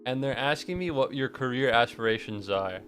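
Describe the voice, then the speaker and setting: A man's voice: mid-range voice, expressive, normal speed, fairly bright tone, faint music behind. A man in his twenties chatting casually to his live-stream viewers while gaming, rambling, joking and swearing with a self-deprecating streak.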